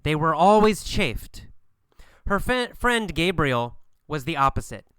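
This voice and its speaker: Male English teacher, bright and crisp, slightly higher pitched, deliberate and repetitive. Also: sing-song, no echo, studio quality. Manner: slow, emphatic, repeats phrases for learners. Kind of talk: scripted language lesson.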